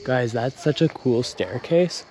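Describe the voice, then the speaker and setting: A young man filming himself on an action camera while he walks hillside streets at dusk, talking to it in a rambling, joking way. His voice sits at an ordinary middle pitch. Faint crickets chirp behind him. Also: expressive, takes it slowly, darkish tone, slight background noise. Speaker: travel vlogger. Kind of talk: casual vlog talk to camera. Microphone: handheld action camera.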